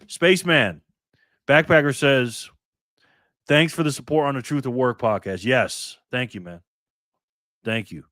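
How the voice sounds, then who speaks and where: A man's voice: medium pitch, unhurried, pauses often, fairly bright tone, no room sound, studio quality. Blunt, profane man hosting a live stream. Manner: blunt, profane, ranting commentary; thanks viewers for donations by name. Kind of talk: casual reaction live stream.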